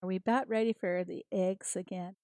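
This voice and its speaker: A little fast and fairly even in intonation, her mid-range voice has a slightly mellow quality and a dry sound. This American streamer chats loosely with her audience during a farming game, laughing often and greeting people by name.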